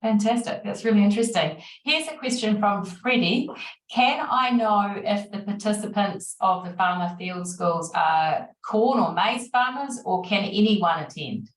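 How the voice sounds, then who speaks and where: A woman's voice: mid-range voice, expressive, measured pace, reverberant, distant mic, rough recording. A woman with a New Zealand accent moderating a webinar Q&A, full of encouraging praise as she relays questions. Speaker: session moderator. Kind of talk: online webinar Q&A.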